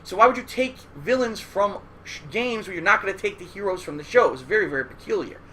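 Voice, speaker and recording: High, bright-voiced man ranting casually. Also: lively intonation, fast talker, slight background noise. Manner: rambling, profane, keeps tagging "all right?". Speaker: host. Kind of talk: casual retrospective commentary.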